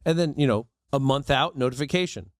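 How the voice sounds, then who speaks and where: A man's voice: mid-range voice, brisk, dry recording, clean studio sound. A man in casual podcast chat, adding short matter-of-fact remarks.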